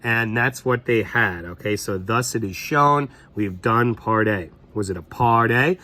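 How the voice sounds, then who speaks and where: A man's voice: lowish voice, unhurried, pushed and bright. Casual man teaching math. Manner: casual, chatty, thinks aloud. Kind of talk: recorded classroom lesson walkthrough.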